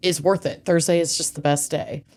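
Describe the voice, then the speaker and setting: A woman co-hosting a podcast, chatting casually in fast, animated banter. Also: low-pitched. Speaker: podcast co-host. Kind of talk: casual chat.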